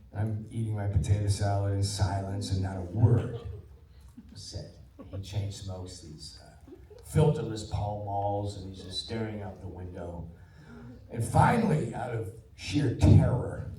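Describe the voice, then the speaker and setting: Before a film screening, an actor in his sixties shares lively anecdotes with the audience in a cinema auditorium, going hushed for quotes. His lowish voice is captured far from the mic, with a roomy theater sound.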